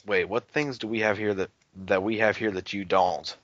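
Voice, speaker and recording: Low-voiced young American man, exclaiming. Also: fairly even intonation, moderate pace, heavy background noise. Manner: exclaiming, joking, playfully crude. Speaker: podcast co-host. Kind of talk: casual chat. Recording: dull, dry home recording.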